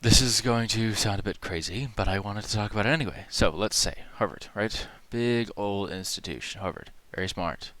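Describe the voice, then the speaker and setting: A man's voice: fairly low pitch, fairly quick, few pauses, fairly bright tone, no echo. A man hosting a parody video, rambling through mock-serious conspiracy commentary with lots of fillers and hesitations. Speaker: video host.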